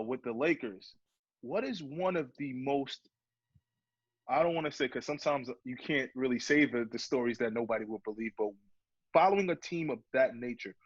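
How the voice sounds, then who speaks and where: A man's voice: medium pitch, husky, no echo. A man hosting a podcast who asks rambling questions and restarts them mid-sentence. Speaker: podcast host. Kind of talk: casual interview questions. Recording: dry muffled lo-fi audio.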